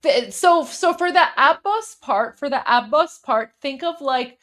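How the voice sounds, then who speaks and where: A woman's voice: high voice, measured pace, fairly bright tone. A woman hosting a casual political commentary livestream, chatty and repetitive, turning emphatic and insistent when she argues a point. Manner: chatty, repeats words and restarts while coaching pronunciation. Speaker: livestream show host.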